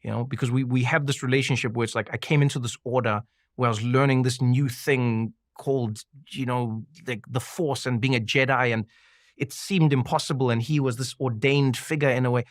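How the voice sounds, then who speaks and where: A man spins a story as a guest in a sit-down interview, animated and quick to laugh, tripping over his own restarts as the tale builds. His voice sits at a middling pitch, and the sound is close and dry with no room around it. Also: no room sound. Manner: animated, laughs often, repeats and restarts when excited.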